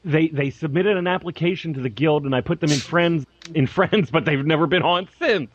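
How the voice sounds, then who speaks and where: A man's voice: on the high side, a little fast, no echo. A man co-hosting a casual gaming podcast, reading a listener email aloud with chuckles and apologies. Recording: dull lo-fi dry podcast mic.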